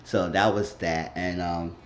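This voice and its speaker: A man's voice: sits low, fairly even intonation, measured pace, a little hiss or hum. A man casually recapping a reality show episode for his channel, rambling along and retelling scenes in quoted voices. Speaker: YouTube recap host.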